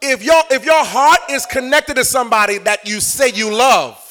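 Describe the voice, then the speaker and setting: A man's voice: very high voice, normal speed, pushed and bright. A middle-aged man preaching a live sermon in church, joking with and coaxing the congregation.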